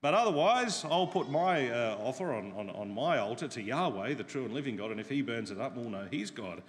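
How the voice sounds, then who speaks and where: A blunt old prophet, as a preacher puts him on, talking in a plain, casual way that turns bold and taunting. His voice sits at an ordinary pitch. It carries a long reverb from a large hall. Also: animated, a little fast, natural voice.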